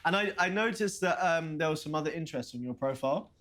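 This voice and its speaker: A man's voice: a little high, lively intonation, quick pace, fairly bright tone. An actor with a London accent playing a nervous young man stammering through a video date in a game. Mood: awkward. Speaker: game protagonist. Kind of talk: game voice acting.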